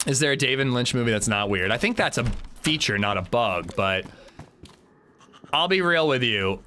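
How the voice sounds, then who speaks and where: A man with an expressive, mid-range voice streams a video game live at normal speed, his tone pushed and bright with a little hiss or hum. He chats bluntly with viewers, rambling, swearing and restarting his sentences.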